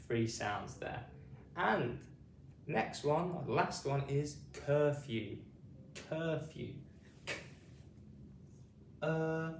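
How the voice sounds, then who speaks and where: A British man teaching phonics to adult learners, sounding out letters slowly and repeating each word with care. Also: mid-range voice. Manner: slow, deliberate, sounding out letters and repeating words. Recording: roomy, slightly distant mic, faint noise.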